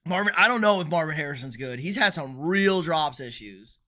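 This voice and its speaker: A young man riffing on a sports livestream with a bright, forceful voice sitting a bit above the usual male pitch. He is blunt and casual, swears freely, and reads out chat messages as he goes. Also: animated, fairly quick.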